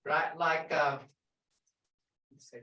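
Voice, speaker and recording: Slow-talking woman teacher in echoey room. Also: deep voice, level tone, bright, forceful tone, recorded from a distance, muffled recording. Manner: repeats phrases, explains words patiently. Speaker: language teacher. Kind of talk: classroom lesson.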